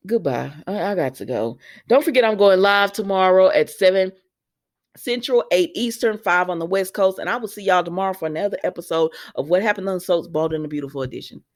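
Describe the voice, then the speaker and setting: A woman giving a casual, animated recap of a soap opera episode. She talks back at the characters as she goes. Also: medium pitch, no room sound, studio quality.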